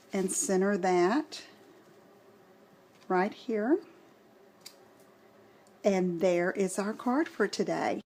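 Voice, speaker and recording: A woman hosting a craft tutorial, gently explaining each step as she works. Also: mid-range voice.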